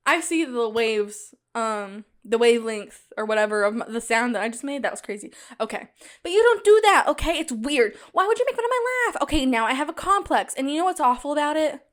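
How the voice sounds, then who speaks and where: A young woman in college hosting a casual solo podcast, talking chattily and animatedly straight to her listeners, with a loud cackling laugh. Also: high voice, animated, brisk. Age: young adult. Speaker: podcast host.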